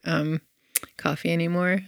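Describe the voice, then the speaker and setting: A woman's voice: lowish voice, flat delivery, measured pace, gravelly, no room sound, studio quality. A woman co-hosting a podcast in casual chat, teasing and matter-of-fact, laughing often. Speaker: podcast co-host.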